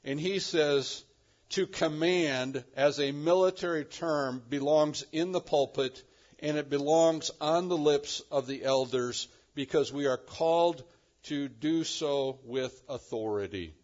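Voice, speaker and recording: A man's voice: fairly high pitch, slow pace, a little mellow. A middle-aged male pastor preaching a verse-by-verse sermon, with emphatic rises on key words. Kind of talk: expository sermon. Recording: dull lo-fi sermon recording.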